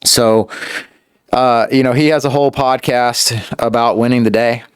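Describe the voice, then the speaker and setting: Earnest man with a smooth voice. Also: mid-range voice, fairly even intonation, dry recording, studio quality. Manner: earnest, talks in halting repeated starts. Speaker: podcast guest. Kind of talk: casual podcast conversation.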